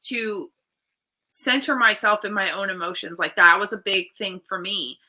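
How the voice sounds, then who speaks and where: Bright, animated woman hosting an interview. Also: mid-range voice, moderate pace, low-quality recording. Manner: animated storytelling, acts out quoted voices. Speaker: host. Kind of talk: casual interview chat.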